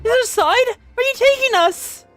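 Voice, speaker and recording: A man putting on a scared young woman held captive in a game, begging through tears in a high, wavering voice that leaps up and down. faint music sits underneath. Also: lively intonation, a little fast, bright, forceful tone, heavily acted. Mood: pleading. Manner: pleading, tearful. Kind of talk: reading game dialogue aloud.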